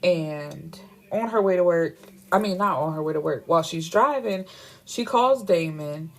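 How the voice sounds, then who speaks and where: A young woman with a slightly low voice talks through a novel's plot in a relaxed, chatty way. She acts out lines from the scenes and breaks in with her own blunt remarks. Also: normal speed. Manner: chatty, retells scenes with quoted dialogue and blunt asides. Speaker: book reviewer. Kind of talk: casual book recap.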